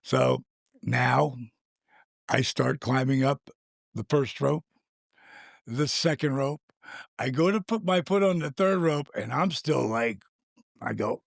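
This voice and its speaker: An older man with a gravelly voice, animated and swearing freely as he tells a story in casual chat, acting out the quotes. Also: a little high, takes it slowly, pauses often, no room sound, studio quality. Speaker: guest.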